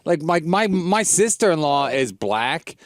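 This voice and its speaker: A male podcast host in crude, provocative banter, his voice bouncing up and down a wide range and sitting a little high. The mic is dry and close. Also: big pitch swings, measured pace, no room sound. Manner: blunt, provocative, swearing.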